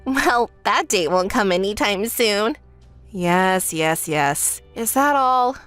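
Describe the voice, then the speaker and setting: A woman's voice: medium pitch, expressive, slow pace, a bit bright, dry recording, faint music behind. A woman doing a dry, sarcastic level-headed sister. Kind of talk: texting story voice-over.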